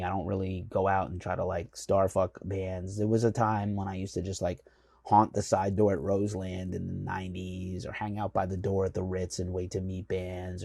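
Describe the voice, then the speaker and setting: A man's voice: low voice, vocal fry, mellow, no echo, studio quality. A man from the United States, a magazine editor hosting his show, telling a rambling, enthusiastic story full of fillers. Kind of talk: casual storytelling monologue.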